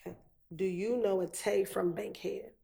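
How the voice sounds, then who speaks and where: Gravelly-voiced woman questioning a witness. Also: mid-range voice, fairly even intonation, warm tone. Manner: methodical, repetitive, measured. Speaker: prosecutor. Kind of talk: courtroom questioning. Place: courtroom.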